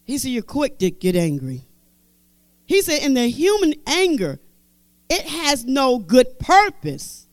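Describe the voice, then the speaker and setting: A high-voiced woman preaching a sermon, her pitch swinging widely as she drives each point home. She repeats scripture phrases with emphasis and drops into casual, conversational asides. The sound is dry and close. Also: wildly swooping pitch, a little slow, no echo. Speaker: Bible teacher.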